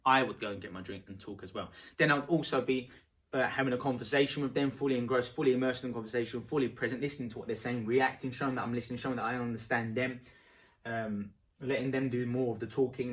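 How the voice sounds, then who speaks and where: A man teaching about rapport in a casual, animated way, acting out short dialogues. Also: mid-range voice. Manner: animated, acts out little dialogues. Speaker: self-help coach.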